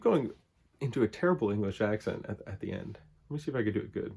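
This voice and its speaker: A man's voice: fairly low pitch, lively intonation, quick pace, gravelly, warm tone, slightly rough. A man hosting his own channel, giving a casual unscripted film review in a rambling, laid-back way, full of "like" and "I don't know".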